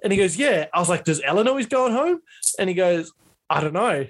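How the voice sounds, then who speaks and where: A man's voice: sits high, animated, a little fast, a little hiss or hum. A young man bantering in a casual chat, often laughing as he chimes in.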